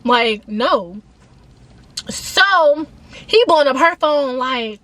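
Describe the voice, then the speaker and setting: A young woman with a bright, high voice tells a story straight to her viewers. Her delivery is animated and emphatic, full of casual slang. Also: drawn-out words, long pauses. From Atlanta, USA. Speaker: vlogger. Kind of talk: storytime vlog, casual retelling.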